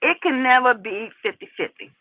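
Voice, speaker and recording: A woman delivers casual opinion commentary to her viewers. Her pitch swings up and down constantly and she leans on repetition to drive her points home. The sound is thin and phone-like, with a dry, close feel. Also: moderate pace, no echo. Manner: animated, talks straight to viewers, lots of repeated emphasis. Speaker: commentary channel host.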